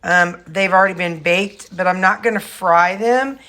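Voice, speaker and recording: Woman, lowish voice, casual home vlog, rambling and chatty, phone camera. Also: normal speed, sharp tone. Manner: rambling, chatty, talks to her dogs. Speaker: vlogger. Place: at home, kitchen and storage room.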